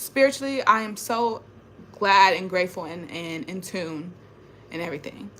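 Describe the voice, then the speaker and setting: A woman's voice: fairly low pitch, moderate pace, pushed and bright, a little hiss or hum. A young adult woman vlogging from home into a phone camera, talking in an emphatic, repetitive, frustrated rant about spiritual matters. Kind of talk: ranting spiritual vlog monologue. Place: at home indoors.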